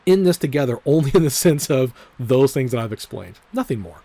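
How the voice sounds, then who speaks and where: A male vlogger talking loosely through his trades at a middle pitch. He rambles, swears freely and leans on filler words, circling back to the same points again and again. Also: lively intonation, a little fast, mellow, dry recording. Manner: repeats his disclaimers over and over. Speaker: trading vlogger. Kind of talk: casual trading vlog commentary.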